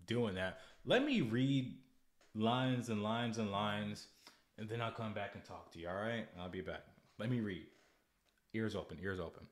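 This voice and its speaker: A young American man hosting political commentary, ranting in a sarcastic, heated way with loud bursts and halting restarts. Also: on the low side, echoey room. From United States. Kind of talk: casual commentary, ranting to camera.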